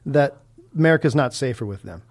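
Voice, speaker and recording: A man's voice: medium pitch, animated, brisk, vocal fry. A man chatting on a podcast, ranting in an indignant tone and repeating himself as he goes. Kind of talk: casual comedic chat.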